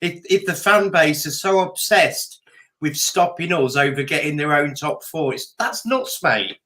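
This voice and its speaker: A man's voice: fairly high pitch, animated, unhurried, pushed and bright. A man co-hosting a casual football chat, blunt and opinionated, ending his points with "mate". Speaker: co-host.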